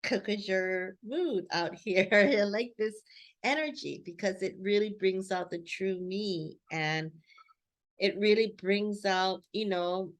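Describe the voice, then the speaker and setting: A woman's voice: mid-range voice, slow pace. A woman vlogging in a casual, reflective monologue while sitting outdoors, rambling with lots of "like" and "you know" and laughing often as she talks. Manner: chatty, rambling, many "like" and "you know" fillers.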